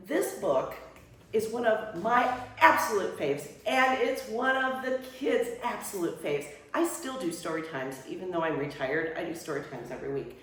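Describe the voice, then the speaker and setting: A woman's voice: mid-range voice, moderate pace. An older woman, a retired children's librarian, demonstrating how to read aloud to kids in a workshop, with playful exclamations. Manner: animated storytime voice, big swoops and playful exclamations. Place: workshop room. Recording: echoey room, voice from far off.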